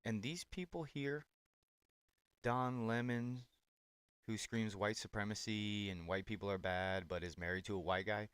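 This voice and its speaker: A man's voice: on the low side, measured pace, fairly bright tone, smooth, dry recording. A man hosting political reaction commentary on clips, talking in a blunt, sarcastic and profane way.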